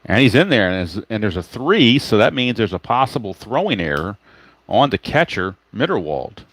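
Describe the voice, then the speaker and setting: Man hosting a tabletop baseball replay, lowish voice, chatty dice-roll commentary, dry close sound. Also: very animated, moderate pace, fairly bright tone, dry recording. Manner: chatty, explains each dice roll, greets viewers by name. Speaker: tabletop baseball game host. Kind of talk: casual play-by-play of a dice baseball game.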